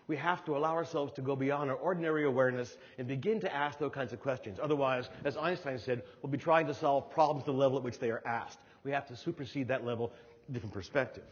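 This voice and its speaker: A middle-aged man from New Jersey giving a humorous storytelling keynote speech, acting out voices with animated delivery. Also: mid-range voice, fast talker, breathy edge. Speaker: keynote speaker. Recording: dull hall recording with long reverb.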